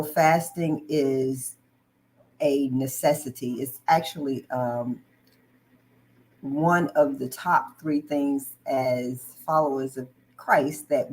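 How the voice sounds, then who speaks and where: A woman with a bass voice, slightly mellow, hosts a live online talk show on a rough recording. She is friendly and says "um" a lot, greeting viewers mid-sentence as she goes.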